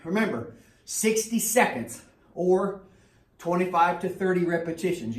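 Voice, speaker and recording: A man coaching a circuit workout while doing the exercises, a little winded, giving repeated cues on form and timing. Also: fairly high pitch. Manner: coaching, repetitive cues, demonstrating as he talks. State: slightly winded. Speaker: fitness trainer. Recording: echoey room from a distance.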